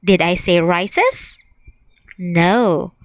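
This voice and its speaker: A woman teaching an English grammar lesson, speaking slowly and repeating key words for learners to say along with her. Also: lowish voice, low-quality recording. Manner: slow, drilling and repeating words, asks students to repeat.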